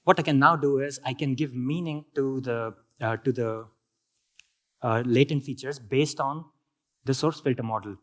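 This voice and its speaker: A man's voice: medium pitch, normal speed. A man with an Indian accent giving a technical conference talk, explaining step by step with frequent fillers and restarts. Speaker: conference speaker.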